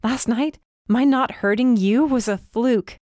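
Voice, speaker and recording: A woman voicing a frightened but defiant young female student, emphatic and often shouting. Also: mid-range voice, normal speed, no room sound, clean studio sound, close to an everyday voice. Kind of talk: audiobook character voice.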